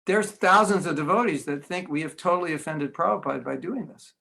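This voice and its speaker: A man's voice: on the high side, brisk, gravelly, bright, forceful tone. An American man, a spiritual teacher, giving an online religious class in a humorous, anecdotal way with frequent chuckles. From United States.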